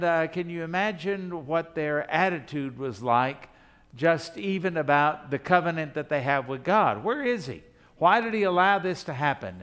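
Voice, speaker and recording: Speaking in a fairly bright voice on the high side, a male pastor preaches in a conversational way. He asks the congregation rhetorical questions and voices what he imagines the people saying.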